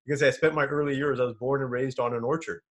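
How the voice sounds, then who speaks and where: A man from Canada who coaches men in business, speaking as a podcast guest in a relaxed, conversational way. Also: medium pitch, quick pace. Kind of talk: podcast interview.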